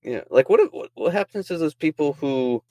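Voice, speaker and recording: A young man co-hosting a podcast, teasing and cracking quick jokes in crude casual chat. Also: on the high side, animated, dark tone, dry recording. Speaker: podcast co-host.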